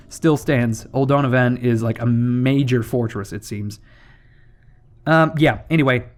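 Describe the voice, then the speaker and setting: A man's voice: medium pitch, unhurried, soft background music. A young man hosting a strategy game playthrough, talking casually as he rambles, swears and corrects himself. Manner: rambling and profane, with self-corrections. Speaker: gaming channel host.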